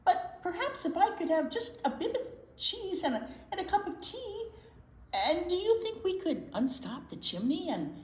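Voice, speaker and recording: A small, timid male mouse speaks in a soft, high, hesitant voice, all polite apologies, as a woman reading a storybook puts him on. The voice floats in a roomy, echoing space. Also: very animated, normal speed. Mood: hopeful. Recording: roomy echo.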